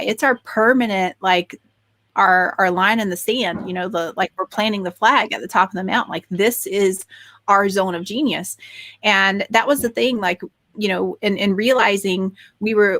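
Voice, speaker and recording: A woman's voice: medium pitch, normal speed, a bit bright, no echo. A woman co-hosting a podcast in casual chat, talking with eager enthusiasm and many restarts and fillers. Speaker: podcast co-host.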